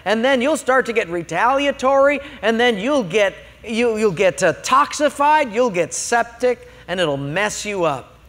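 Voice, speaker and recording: A man's voice: extremely high pitch, animated, unhurried, few pauses, fairly bright tone, long reverb tail. A man preaching a sermon as a pastor, emphatic and humorous, telling stories to make his points.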